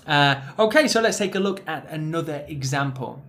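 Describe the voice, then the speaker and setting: A man's voice: on the high side, a bit bright. A man from Northern England with a Northern English accent, teaching pronunciation in a recorded lesson and drawing out the example words with care. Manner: slow, careful, stretching example words.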